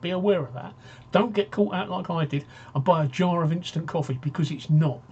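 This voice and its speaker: A man's voice: fairly high pitch, a little fast, darkish tone, dull audio, a little hiss or hum. A man hosting a casual live-stream talk show, rambling and joking as he reads out viewer comments.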